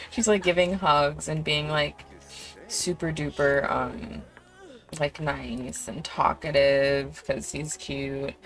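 A woman's voice: sits low, fairly even intonation, takes it slowly. A young woman giving chatty, giggly commentary over a life-sim game, full of fillers. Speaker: let's play creator.

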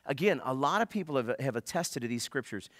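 Brief: male pastor, conversational joking sermon delivery, bright and forward tone. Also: mid-range voice, animated, a little fast, dry recording. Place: church.

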